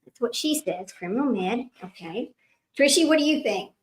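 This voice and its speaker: This is a middle-aged woman hosting a casual livestream trivia game. Her voice sits high, and she rambles from one aside to the next. She laughs often and talks to her audience as old friends. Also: expressive, moderate pace, poor audio.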